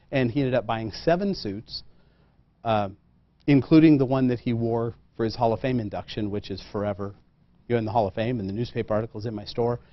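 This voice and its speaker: A man, a tailor, tells a lively personal story to a room, acting out the dialogue and poking fun at himself. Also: mid-range voice, no echo. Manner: animated anecdotal, acts out quoted dialogue, self-deprecating. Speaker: custom tailor and guest speaker. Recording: muffled dull sound.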